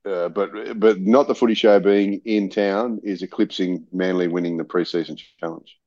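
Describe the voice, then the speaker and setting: Brief: low-pitched Aussie co-host, hesitant, muffled dry remote line. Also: male voice, steady tone, normal speed, a little mellow, dry recording. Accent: Australian. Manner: hesitant, many fillers and restarts. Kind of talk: casual sports chat. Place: hotel room.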